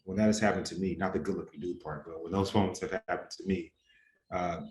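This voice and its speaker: A man's voice: low-pitched, steady tone, quick pace, darkish tone. A young adult man answering interview questions in an earnest, heated, casual way full of slang. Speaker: interview guest. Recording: roomy echo, faint ambience.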